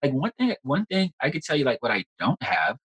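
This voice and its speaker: A man's voice: medium pitch, sing-song, brisk, fairly bright tone, breathy edge, low-quality recording. A young man, an actor chatting in a casual interview, rambling and repeating words. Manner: rambling, repeats words, says "like" and "you know" often. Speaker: actor guest.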